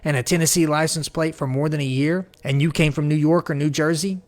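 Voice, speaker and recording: A man rants about politics in an angry, profane tirade. He swings between outbursts of shouting and low, menacing growls. His voice sits a little high, and faint music plays behind him. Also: steady tone, fairly quick. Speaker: political commentator.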